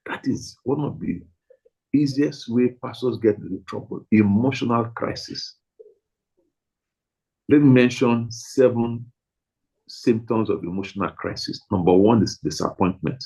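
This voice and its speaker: A man's voice: mid-range voice, a little slow, creaky, mellow, slightly rough, low-quality recording. A man leading a training talk for pastors, emphatic and repetitive, leaning hard on single words.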